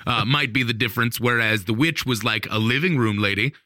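Bright, animated male storyteller. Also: mid-range voice, a little fast, no room sound, studio quality. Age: adult, married. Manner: animated storyteller, laughs often, many fillers. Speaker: podcast co-host telling a story. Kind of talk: casual chat.

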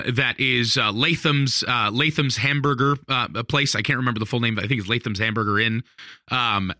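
A married man casually telling a funny story on a podcast, animated, laughing often, with plenty of fillers. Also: mid-range voice, no room sound, studio quality. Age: adult, married. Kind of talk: casual chat.

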